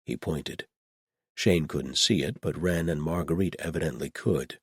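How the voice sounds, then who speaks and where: A very low, husky male voice reads a fantasy audiobook in an even, measured manner. The recording is close and completely dry, with no room sound. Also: no room sound. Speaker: audiobook narrator. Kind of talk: scripted audiobook narration.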